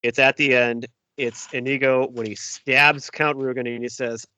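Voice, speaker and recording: A man's voice: medium pitch, little pitch movement, moderate pace, sharp tone. A man co-hosting a podcast, chatting casually about a film and acting out its quotes with feeling. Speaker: podcast co-host.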